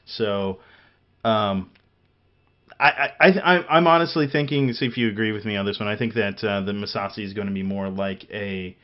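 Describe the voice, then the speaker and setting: A lower-pitched man from Missouri chats loosely about a game, stumbling through restarts and fillers and laughing often. The audio is dull and lo-fi, like an older podcast recording. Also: moderate pace. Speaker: podcast co-host. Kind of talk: casual gaming chat.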